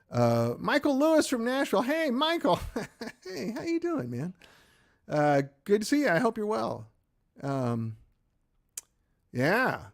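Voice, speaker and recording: A middle-aged American man hosting a livestream, chatting loosely and self-deprecatingly as he answers viewer comments. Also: a little high. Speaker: livestream host. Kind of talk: casual chat reading viewer comments.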